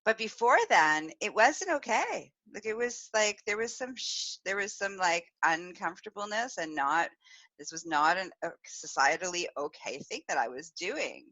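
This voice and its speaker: Animated, laughing woman podcast host. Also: mid-range voice, moderate pace, dull audio. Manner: animated, laughs often, acts out quoted voices. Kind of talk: live-streamed storytelling chat.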